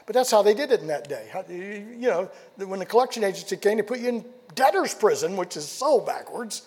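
A male pastor preaching a sermon, telling a story with animated delivery, asking rhetorical questions and dropping to quiet emphasis. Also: high-pitched, fast, breathy edge. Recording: long hall reverb.

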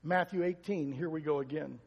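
An older man preaching a sermon, telling stories with emphatic swells and soft asides. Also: on the high side, a little fast, creaky, husky, big-room sound. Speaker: pastor.

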